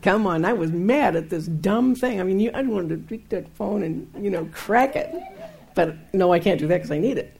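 Mellow-voiced woman giving lively Bible talk. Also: on the low side, a little fast, gravelly, few pauses. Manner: animated, laughs often, acts out her own outbursts. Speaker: Christian teacher. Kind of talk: conversational Bible teaching.

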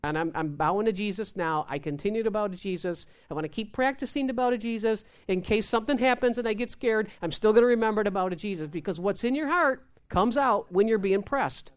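A woman giving an informal sermon, often repeating words and acting out quoted prayers. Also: medium pitch. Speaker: preacher.

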